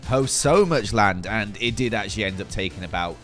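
A man with a hoarse, worn-out voice, narrating his game footage as a voice-over from home in a chatty, self-mocking, rambling way. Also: fairly low pitch, animated, brisk, a bit bright, soft background music. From United Kingdom. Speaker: Minecraft video host. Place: at home, recorded later as voice-over.

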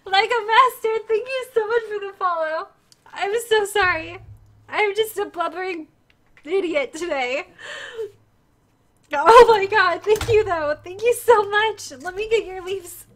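A woman's voice: extremely high pitch, measured pace, a bit bright. A woman streamer, tearful and crying, gushing and apologetic as she thanks viewers during a live stream.

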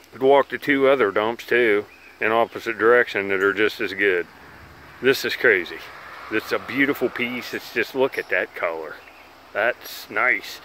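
Lowish voiced guy out of breath, digging outside, gets all excited over old bottles, lots of outdoor noise. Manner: excitable, marvels aloud at finds. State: out of breath in the heat. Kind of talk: casual narration while digging. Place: old dump in the woods, outdoors.

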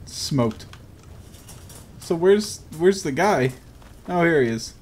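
A young man giving casual, profane, joking commentary while playing a video game, quick to get frustrated. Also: fairly high pitch, expressive, darkish tone. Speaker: gaming video host. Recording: audible background noise.

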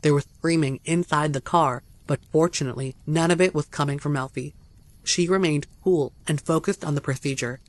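A man's voice: a little high, brisk, dry recording. A man reading a first-person horror story aloud as a narrator, tense and dramatic.

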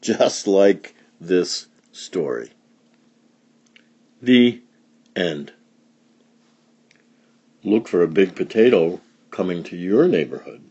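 A man reading a picture book aloud for young learners, animated, with big jumps in pitch for emphasis. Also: slow, long pauses, husky, muffled recording. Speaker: storybook reader.

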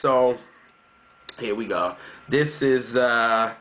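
A man's voice: medium pitch, drawn-out words. A man from South Carolina telling a story casually to his viewers, chatty and rambling, often saying "you know what I'm saying". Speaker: music vlogger. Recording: tinny phone-like sound.

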